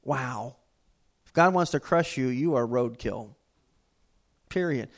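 A man's voice: medium pitch, lively intonation, takes it slowly. A middle-aged man, preaching a sermon as pastor and telling folksy stories with self-mocking humor.

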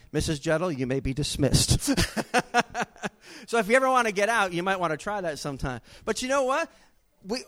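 A middle-aged man preaching a sermon, telling stories with dramatic swings in pitch and loudness. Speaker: pastor.

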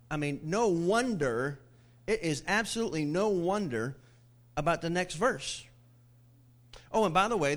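Animated, high-voiced male pastor. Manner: animated storytelling with jokes and laughs. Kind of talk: sermon. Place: church.

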